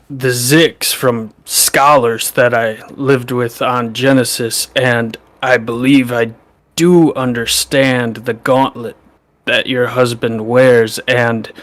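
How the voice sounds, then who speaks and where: A man's voice: mid-range voice, fairly bright tone, clear, resonant tone, no room sound, lightly acted. A man voicing a half-orc man with a slight twang, who speaks politely and formally.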